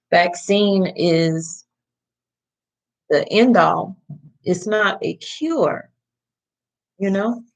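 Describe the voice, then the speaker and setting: Slow-talking woman hosting a livestream. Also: fairly low pitch, vocal fry, low-quality recording. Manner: talks to viewers directly, many fillers and pauses. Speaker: livestream host. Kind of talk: casual livestream chat.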